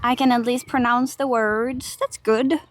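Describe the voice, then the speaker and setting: A young Finnish woman livestreams IRL while walking through a park outdoors, holding a phone camera. Her voice is on the high side, fairly even and unhurried, with no room sound. She's chatty, laughs easily, and talks to her chat.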